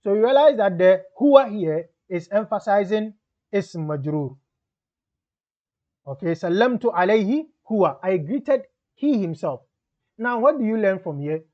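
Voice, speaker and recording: A man with a high voice teaches grammar in a patient lesson. He walks through each example step by step and mixes English explanation with Arabic grammar terms. The recording sounds a little dull and lo-fi. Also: animated, measured pace.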